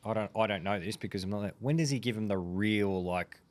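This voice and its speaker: An Australian man co-hosting a sports radio show, trading quick, opinionated quips in casual banter. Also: fairly low pitch. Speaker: co-host, former footballer.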